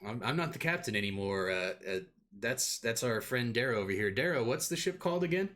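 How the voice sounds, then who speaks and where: A man voicing an easygoing ship's crew chief in a quick, offhand manner, close to his own low voice. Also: lively intonation, fairly bright tone, close to an everyday voice.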